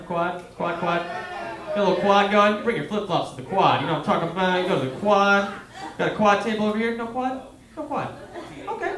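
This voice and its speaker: Stand-up comic, roomy theater, crowd laughter. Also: male voice, on the high side. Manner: conversational, asks the crowd questions. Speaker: stand-up comedian. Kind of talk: stand-up comedy set. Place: small theater stage. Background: audience laughing.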